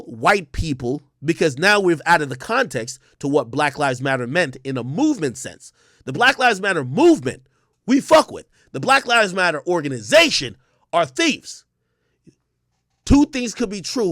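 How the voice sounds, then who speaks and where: A man's voice: a little high, a bit bright, dry recording, studio quality. A man giving casual livestream commentary, emphatic and profane, often repeating words and restarting sentences. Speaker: streamer and commentator.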